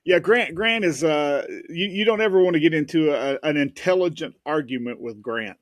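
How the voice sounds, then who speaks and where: A man hosting a casual podcast chat, who talks emphatically and repeats himself with halting restarts. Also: on the high side, no echo. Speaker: host.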